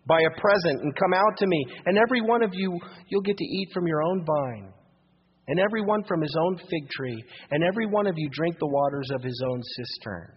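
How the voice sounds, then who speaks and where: A man's voice: medium pitch, slightly rough. A male pastor teaching a Bible passage verse by verse, reading scripture aloud and then restating it in plain, everyday speech. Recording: muffled radio broadcast with long reverb.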